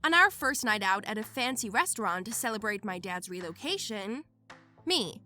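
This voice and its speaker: A woman narrating Reddit posts as a lively scripted storytelling read. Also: mid-range voice, normal speed, faint music behind.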